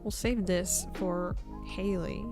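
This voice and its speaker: A woman's voice: on the low side, fairly even intonation, takes it slowly, music in the background. Giggly chatty woman streaming a game. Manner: chatty, giggly, self-mocking. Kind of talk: casual gaming stream commentary.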